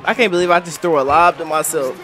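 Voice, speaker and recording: A young man commentating live on his own basketball video game, excitable and trash-talking at the screen. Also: fairly high pitch, a little fast. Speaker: gaming commentator. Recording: game music and crowd noise faintly behind. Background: faint game music and arena crowd.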